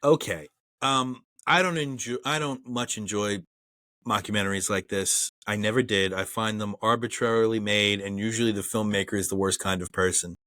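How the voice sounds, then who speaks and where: A man's voice: fairly low pitch, steady tone, normal speed, sharp tone, dry recording. A man co-hosting a podcast, walking through an old film's scenes in casual, wry, profane chat. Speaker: podcast co-host. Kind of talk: casual film review chat.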